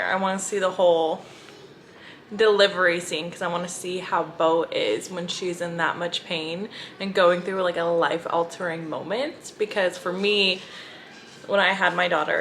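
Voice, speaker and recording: A woman's voice: fairly low pitch, a little hiss or hum. A young woman chatting casually on her book vlog, gushing and telling stories to her viewers. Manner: gushing, animated storytelling to viewers. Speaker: book vlogger.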